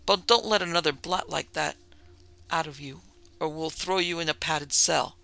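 A man putting on a gruff, hardened male prison guard with no sympathy, barking his questions. The voice is pushed high and sharp, with a gravelly grain and a dry, close sound. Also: normal speed. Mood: growling. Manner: gruff, unsympathetic, demanding.

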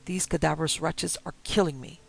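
Desperate, imperious dying rich lady, read by a man in a slightly raised, gravelly storybook voice; raving and demanding. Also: on the high side, steady tone, fairly quick. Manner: pleading then commanding, raving.

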